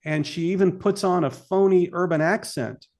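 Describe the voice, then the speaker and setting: A man's voice: high-pitched, moderate pace, a little mellow. A man speaking as a filmmaker guest in an interview, emphatic and argumentative. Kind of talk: interview talk.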